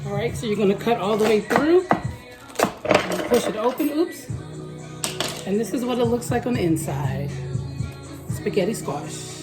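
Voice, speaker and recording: Chatty Southern woman from Texas, mid-pitched, casual cooking host, music under her voice. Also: lively intonation, a little slow, pauses often. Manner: chatty, upbeat, talks viewers through each step.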